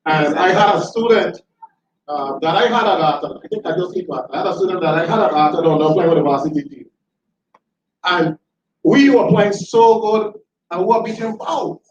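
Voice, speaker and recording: A man telling animated, laughing anecdotes in a tribute speech. He often repeats himself as he talks. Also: high voice, normal speed, noisy background. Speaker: tribute speaker, former school educator. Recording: roomy, distant, dull hall recording.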